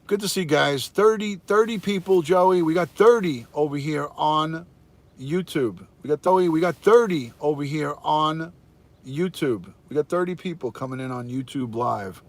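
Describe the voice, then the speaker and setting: A man's voice: on the high side, normal speed. Upbeat older man greeting live viewers. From United States. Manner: upbeat, greets viewers by name and counts viewers aloud. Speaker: livestream host, retired detective. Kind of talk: casual live-stream chat. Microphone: phone.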